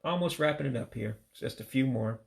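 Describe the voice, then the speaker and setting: Male from the US, gravelly voice, runs a casual vocab lesson, slow patient repetition of each word. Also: medium pitch. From United States. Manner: religious sign-offs. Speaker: language learner teaching vocabulary.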